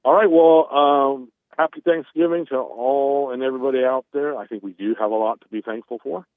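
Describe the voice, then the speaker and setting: A man's voice: medium pitch, steady tone, fairly quick, no echo. A man calling into a show, rambling in a friendly way as he signs off. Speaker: caller. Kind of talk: casual phone call. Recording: tinny phone line.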